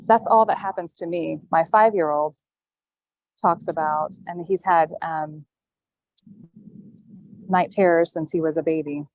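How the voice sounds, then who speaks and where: Lower-voiced woman on a dull call line. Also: a little mellow, no room sound. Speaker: guest on a call-in panel. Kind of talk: casual storytelling chat. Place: airport gate area. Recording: dull, dry call audio.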